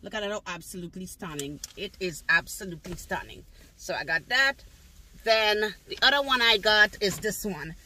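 Sitting in her car on a sunny day, a grandmotherly haul vlogger casually displays her purchases, gushing over them and repeating her praise. Her voice is medium in pitch with a sharp tone and normal pace, and there's slight background noise.

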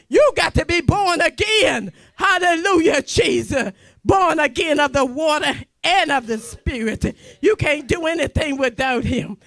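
Fervent gravelly-voiced woman evangelist. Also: high voice, no room sound. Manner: impassioned, shouting and exclaiming hallelujah. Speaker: evangelist preacher. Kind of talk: fervent sermon.

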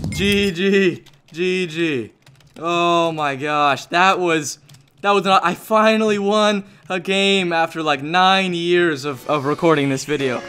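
Gaming host, male, high bright voice, excitable play-by-play, desk mic at home. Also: slow, a little hiss or hum. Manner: excitable, talks to his dog and viewers. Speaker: gaming YouTuber. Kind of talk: live gameplay commentary.

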